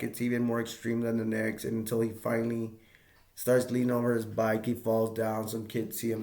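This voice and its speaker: A man's voice: medium pitch, echoey room. A man reviewing a movie in a casual, rambling way, with many fillers and restarts as he retells scenes.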